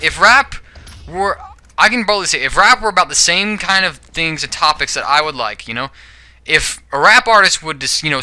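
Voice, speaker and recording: A video blogger with a fairly high, sharp-toned voice gives a casual, rambling opinion monologue to camera. He leans on "you know" and "all right?" and keeps correcting himself with stumbling restarts.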